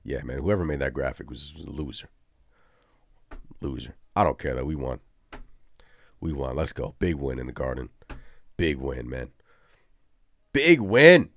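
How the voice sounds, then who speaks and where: A man hosting a live postgame sports reaction show, animated and ranting as he talks to his viewers. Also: a bass voice, moderate pace, vocal fry, long pauses, dry recording. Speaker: sports podcast host.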